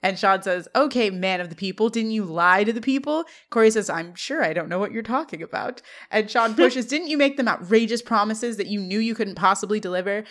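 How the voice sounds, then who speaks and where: A woman's voice: mid-range voice, a little fast, hardly any pauses. A woman co-hosting a podcast, retelling an episode scene by scene and quoting the characters' lines. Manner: laughs often while recounting. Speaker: podcast co-host. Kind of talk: scene-by-scene recap.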